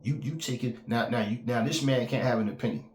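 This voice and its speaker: A man's voice: medium pitch, brisk, roomy sound. A man, ranting emphatically and profanely as host of a boxing talk channel, often repeating himself. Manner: profane, emphatic, repeats himself, slips into mocking quoted voices. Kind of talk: heated casual rant.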